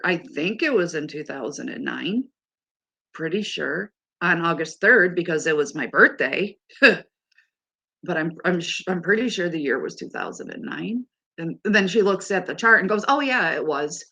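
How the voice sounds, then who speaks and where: A woman in her fifties chats to her viewers, telling stories in an exasperated, animated way. Her voice is gravelly and sits fairly low. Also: unhurried. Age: 50s. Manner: chatty, exasperated storytelling. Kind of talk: casual chat to a live audience.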